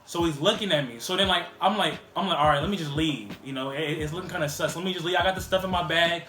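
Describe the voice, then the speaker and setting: A man's voice: a little high, fast talker, pushed and bright, reverberant, faint music behind. A man vlogging a casual storytime, rambling and full of "like" fillers. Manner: rambling, heavy use of "like" fillers.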